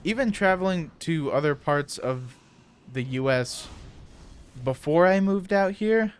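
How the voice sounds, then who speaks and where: A man's voice: fairly high pitch, expressive, a little slow, clear, resonant tone. A man from South Dakota with a Midwestern American accent, chatting loosely and rambling while he streams a game. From South Dakota, USA. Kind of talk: casual chat while gaming.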